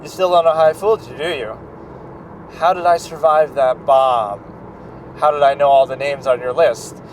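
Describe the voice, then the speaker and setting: A calm, gloating villain who leads a cult speaks slowly and quietly, as a man reads his lines aloud. The voice sits a touch high for a man. Faint noise hums behind him. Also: lightly acted, low-quality recording. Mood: taunting.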